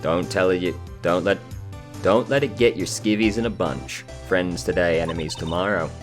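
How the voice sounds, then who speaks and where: A man's voice: low-pitched, normal speed, close to an everyday voice. A man voicing a brash, feisty Southern woman photographer with a folksy drawl, over game music. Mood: sassy. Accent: put-on American Southern. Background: video game music.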